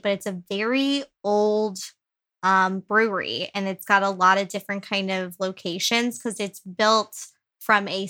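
A woman's voice: mid-range voice, pushed and bright. A woman co-hosting a podcast, telling a story in casual chat with a giggly, filler-filled manner. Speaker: podcast co-host.

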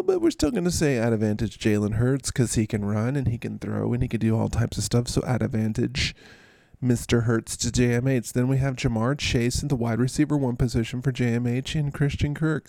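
A man's voice: mid-range voice, vocal fry, darkish tone, no echo, studio quality. A man hosting a podcast, rambling and joking at his own expense in a casual chat. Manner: rambling, jokey, self-mocking. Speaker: podcast host.

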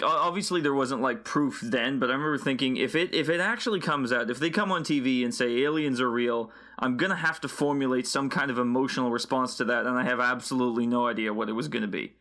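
A man's voice: medium pitch, fairly quick, bright, forceful tone. A man co-hosting a podcast, rambling curiously and swearing casually in loose chat.

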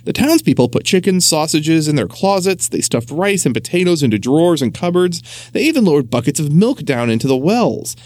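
Lively male storybook narrator. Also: fairly high pitch, fairly quick. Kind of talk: storybook read-aloud.

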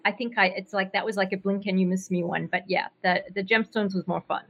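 A woman's voice: medium pitch, steady tone, fast talker, a bit bright, lo-fi sound. A woman who grew up in Africa, a guest actress on a podcast, speaking casually with many fillers and frequent laughs. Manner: laughs often, hesitant with fillers. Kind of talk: casual interview chat.

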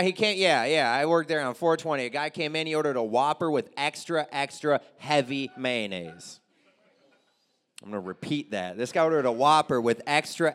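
A man's voice: medium pitch, a bit bright. A young man doing a loose, crude stand-up set and chatting with the crowd. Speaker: stand-up comedian.

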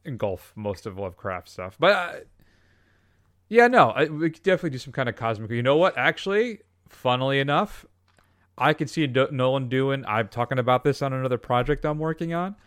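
A man's voice: mid-range voice, animated, fairly quick, a bit bright, no room sound. Jokey, rambling male podcast host, dry sound. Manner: jokey, rambling with many fillers. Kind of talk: casual comedic film chat.

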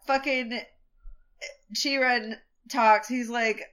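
Bright high-voiced gushing woman. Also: extremely slow, clear, resonant tone. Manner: animated, profane, gushing. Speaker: podcast co-host. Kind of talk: casual podcast recap chat.

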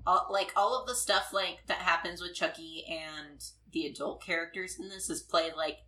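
Podcast co-host, woman, low bright voice, loose filler-heavy film chat. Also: moderate pace, poor audio. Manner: rambling, lots of "like" and "uh", laughs often. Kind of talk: casual film discussion.

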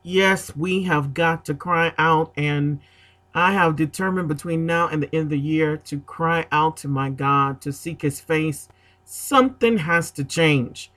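A man's voice: a little high, a little slow, sharp tone. A man earnestly announcing a time of prayer on a gospel radio show, with frequent "uh" fillers.

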